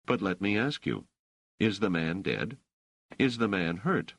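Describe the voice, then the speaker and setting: Playing a defiant, indignant scholar being questioned, a man responds to accusations firmly, hotly and grimly. His voice sits on the low side and is very animated, delivered at a measured pace as a full character voice, pushed up with no room sound.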